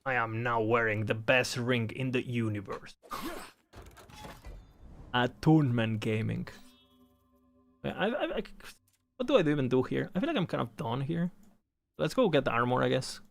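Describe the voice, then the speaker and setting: A man streaming a game, thanking subscribers and reacting in animated, playful talk that is full of swearing. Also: mid-range voice, normal speed, vocal fry, long pauses. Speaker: gaming streamer. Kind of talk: casual game commentary.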